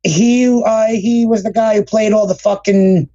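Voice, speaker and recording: A man's voice: high voice, fairly even intonation, unhurried, warm tone, no room sound, dull audio. A man co-hosting a wrestling podcast in casual chat, ranting with heavy cursing. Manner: heated, profane ranting. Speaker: podcast co-host.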